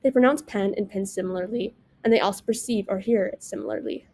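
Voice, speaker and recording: A woman's voice: medium pitch, quick pace, dark tone, breathy edge. A young woman reading a class presentation aloud from a script, saying example words with care. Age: young adult. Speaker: student presenter.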